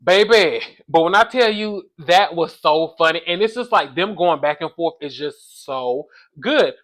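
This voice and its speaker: A man casually reviewing a reality show episode, sassy and animated, calling his listeners baby and y'all, with features. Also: a little high, a little slow. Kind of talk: casual chat.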